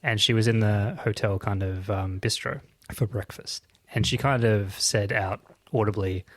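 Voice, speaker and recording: A man with a fairly low voice co-hosts a casual political podcast. He spins chatty anecdotes and often checks in with his co-host by asking "right?". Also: fairly even intonation, moderate pace, no room sound. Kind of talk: casual political chat, storytelling.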